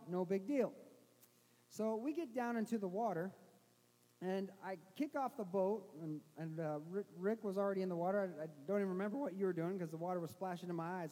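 Middle-aged male pastor, very high voice, comic sermon storytelling, long hall reverb. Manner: animated, self-mocking storyteller with restarts.

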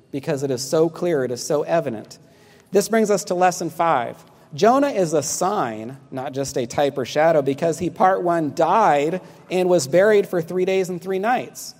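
A male pastor preaching with emphatic, insistent delivery, pressing questions on his congregation. His voice sits a bit higher than most men's. The sound carries a long reverb, like a church hall. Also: a little mellow. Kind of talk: sermon.

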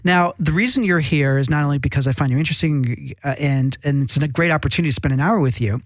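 A male talk show host with a slightly high voice, cracking jokes and wandering off mid-sentence. The sound is dry and close, with no room around it. He keeps it loose and playful. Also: fast talker, no echo. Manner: joking, rambling, self-interrupting. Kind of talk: casual comedic talk show banter.

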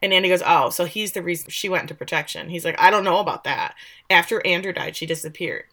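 A woman's voice: fairly low pitch, quick pace, bright, forceful tone. A woman co-hosting a podcast, casually recapping episodes and quoting the characters with animation. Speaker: podcast co-host.

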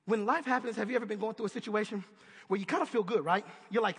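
High, husky-voiced man preaching a sermon. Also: expressive, fast talker, a bit bright. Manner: conversational, emphatic, asks the audience questions. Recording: long hall reverb.

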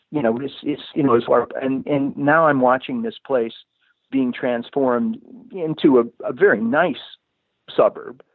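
A man with a creaky, mid-range voice shares his life story as a guest in a casual, rambling way, often restarting sentences and leaning on "you know." The audio is dry and tinny, like a phone line.

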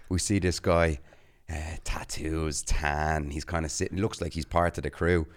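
A man's voice: sits low, steady tone, fairly quick, hardly any pauses. A man, co-hosting a podcast, telling a story in a chatty way and laughing often. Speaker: podcast co-host. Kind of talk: casual podcast chat.

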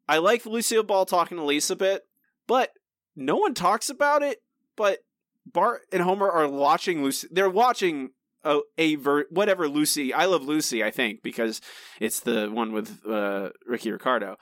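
A man co-hosting a podcast in casual chat, animated and teasing with mock indignation. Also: fairly high pitch, moderate pace, no echo, clean studio sound. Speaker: podcast co-host.

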